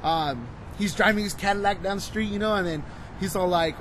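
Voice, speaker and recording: A man in his twenties with a fairly high voice talks loosely and profanely, looping through fillers as he recommends a show. Wind noise and clipping cut into the recording, made outdoors near traffic. It has the feel of a casual podcast chat. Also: brisk. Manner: rambling, profane, lots of "you know" fillers. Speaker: podcast co-host.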